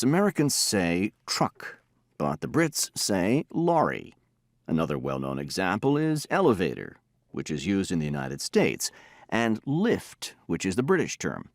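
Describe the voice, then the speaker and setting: A man lectures on language in an explanatory manner, saying sample words to show differences. His low voice swings very widely in pitch, and the recording is dry and close. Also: no room sound. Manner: explanatory, demonstrates sounds by example.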